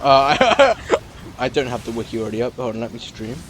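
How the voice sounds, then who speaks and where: A man's voice: mid-range voice, big pitch swings, noisy background. Rambling young man recapping in fits. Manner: rambling, halting recaps full of fillers. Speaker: podcast co-host. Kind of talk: casual chat.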